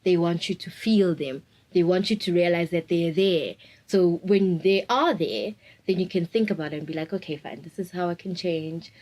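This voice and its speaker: A woman's voice: lowish voice, normal speed, a little mellow, low-quality recording. Laughing young woman. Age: 20s. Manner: open, reflective, laughs often. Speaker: interviewee. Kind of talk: candid personal interview.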